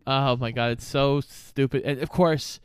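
Woman co-host, very low voice, dry sarcastic movie chat, close dry sound. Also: steady tone, measured pace, clear, resonant tone, no echo. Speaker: podcast co-host. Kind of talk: casual movie recap chat.

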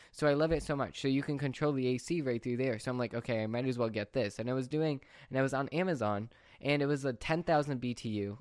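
A man's voice: medium pitch, clear, resonant tone, dry recording, clean studio sound. A young man vlogging, telling a rambling story in casual chat and often correcting himself. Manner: rambling, excitable, self-correcting.

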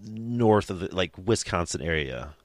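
Deep-voiced laid-back rambling man. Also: lively intonation, measured pace, dry recording. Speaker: podcast host. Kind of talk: casual chat.

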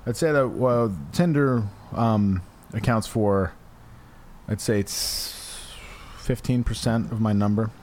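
A man's voice: fairly low pitch, takes it slowly, a little mellow, a little hiss or hum. A man in his thirties hosting a podcast, talking in a rambling, crude way full of fillers. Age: 30s. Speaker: podcast host. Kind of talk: casual chat. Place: room with a window open near a porch.

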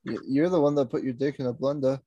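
A young man co-hosting a casual podcast, teasing and deadpan. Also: medium pitch, fast talker, slightly rough, no echo, muffled recording. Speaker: podcast co-host.

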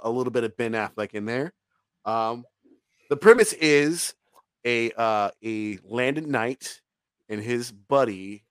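A man's voice: medium pitch, a bit bright, dry recording. A man co-hosting a podcast, reviewing a movie in casual, rambling, profane chat and laughing often. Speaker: podcast co-host reviewing a film.

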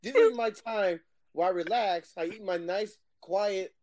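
A man's voice: high-pitched, unhurried, a little mellow, a little hiss or hum. A man chatting casually with friends on a podcast, laughing often and swearing freely. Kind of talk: casual chat among friends.

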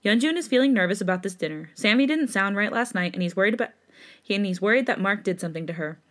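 A woman podcast host narrates fan fiction in a steady third-person read, slipping into laughing asides. Her voice sits mid-pitched. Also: fast talker. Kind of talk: reading fan fiction aloud.

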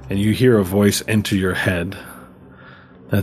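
Slow, low-voiced male game master. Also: flat delivery, breathy edge. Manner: rambling, repeats words while describing. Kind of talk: narrating a tabletop game. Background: faint music.

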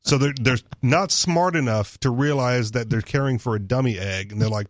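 A man's voice: mid-range voice, moderate pace, no room sound. A man co-hosting a talk radio show, tossing in dry, sarcastic one-liners. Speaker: radio co-host. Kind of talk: casual talk radio banter. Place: radio studio.

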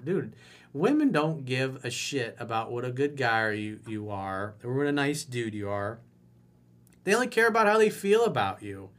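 A man's voice: a little high, a bit bright. A man giving dating advice in a blunt, mocking and profane monologue. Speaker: dating coach and author.

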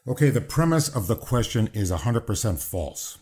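A lowish, dark voice with big swings in pitch at normal speed belongs to an older man guesting on a casual wrestling interview. As the subject's brother, he talks bluntly and defensively, rambling, restarting and cursing.

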